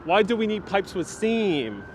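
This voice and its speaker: Unhurried and with big pitch swings in his high voice, a man leads a livestreamed walking tour on a city street, chatting with viewers and reading their comments aloud. He wears a wireless lapel mic with his phone on a gimbal, and street ambience makes the background noisy.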